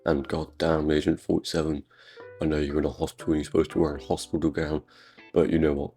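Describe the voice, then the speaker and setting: Very deep-voiced British gaming joker. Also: male voice, warm tone. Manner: crude, sarcastic jokey rambling. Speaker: gaming YouTuber. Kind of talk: comedic gameplay commentary.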